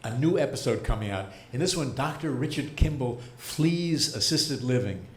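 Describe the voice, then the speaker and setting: An American man in his seventies works a comedy club stage with a dry, deadpan stand-up delivery, holding for a beat before each punchline. His voice sits at an ordinary middle pitch. The live room adds a roomy echo around him. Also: moderate pace, heavy background noise. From United States. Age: 70s.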